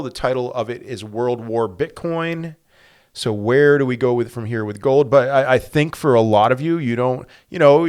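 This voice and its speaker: Speaking in a mid-range voice, a crypto channel host talks through the markets in an animated, conversational way, peppering his commentary with rhetorical questions.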